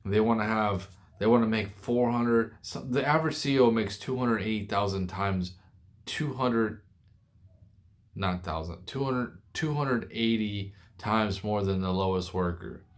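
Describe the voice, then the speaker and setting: A young man venting angrily to camera about work and money, swearing often and restarting his sentences. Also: on the low side. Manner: profane, frustrated, halting with restarts. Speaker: forklift driver venting online. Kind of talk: angry rant to camera.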